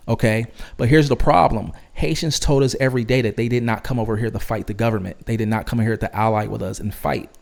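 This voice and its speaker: A man's voice: medium pitch, fairly even intonation, fast, vocal fry, few pauses, a little mellow. Emphatic man giving reaction commentary. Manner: emphatic, argumentative, lecturing. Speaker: commentary channel host.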